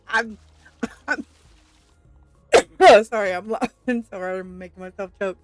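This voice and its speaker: A woman's voice: medium pitch, a little slow, long pauses, no echo. A woman streaming a farming game, chatting casually with viewers, reading their messages aloud and laughing often.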